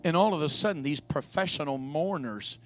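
A man's voice: on the high side, normal speed, faint music behind. A man preaching a sermon, retelling a story dramatically and questioning his listeners directly.

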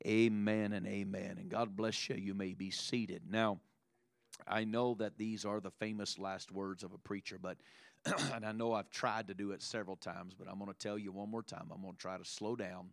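A man's voice: fairly low pitch, steady tone, moderate pace, no room sound, studio quality. A man preaching a sermon who punctuates his points with "amen" and "praise the Lord," often repeating and restarting words. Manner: frequent restarts and filler "uh".

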